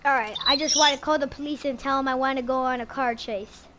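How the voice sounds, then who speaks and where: Goofy high-voiced woman in game roleplay. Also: steady tone, quick pace, heavy background noise. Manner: goofy, joking, narrates own moves. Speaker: roleplay player. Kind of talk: playful game roleplay chatter.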